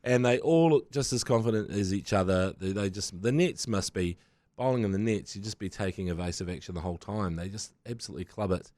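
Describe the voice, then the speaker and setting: A New man on a podcast panel chatting casually about sport, animated and swearing, often breaking into quoted voices. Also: fairly low pitch, a little fast, no room sound.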